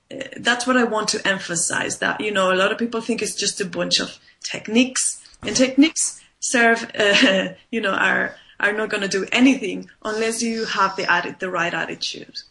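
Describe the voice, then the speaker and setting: A woman's voice: medium pitch, gravelly, sharp tone. A woman life coach explaining her method in an interview, emphatic and repeating points for stress. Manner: emphatic, repeats points with "right?" and "you know". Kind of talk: conversational interview.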